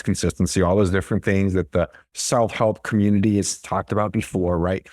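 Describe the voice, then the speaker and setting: A man's voice: fairly low pitch, dry recording, studio quality. A man hosting a motivational solo podcast, coaching listeners with energy and rhetorical questions, often checking in with "right?" and "okay?". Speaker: podcast host.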